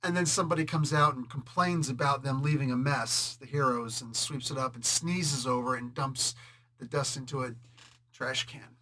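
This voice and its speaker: A man hosting a casual comic book review, jokey and animated, laughing often and slipping into quick voices to quote characters. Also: medium pitch.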